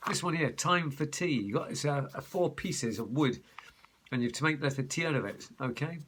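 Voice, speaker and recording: A man's voice: fairly high pitch, normal speed, a bit bright, slightly rough. A man chatting casually to his viewers in a rambling vlog, calling them folks. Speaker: vlogger. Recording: background noise.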